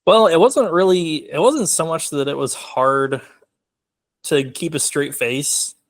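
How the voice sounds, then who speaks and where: A man's voice: a little high, slow. A young man talking casually as a film guest in an interview, rambling with many fillers. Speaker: filmmaker guest.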